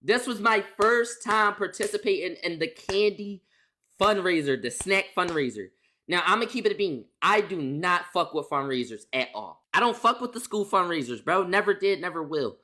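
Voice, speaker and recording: In a casual streamer storytime, a young man talks at a normal speed in a high voice, with a little hiss or hum in the audio. He's animated and swears freely, peppering the story with rhetorical questions and repeating lines for emphasis.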